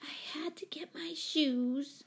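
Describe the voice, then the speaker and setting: Woman doing a tiny little girl voice, high and slow, kinda blunt. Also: lively intonation, gravelly, darkish tone. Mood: childish. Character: small girl, timid but blunt.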